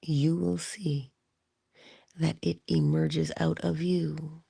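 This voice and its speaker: A woman giving an inspirational monologue to her listeners. She speaks deliberately, addresses them directly and drops into whispers for emphasis. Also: low-pitched, level tone, vocal fry, mellow, slightly rough, no room sound, clean studio sound. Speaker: motivational speaker.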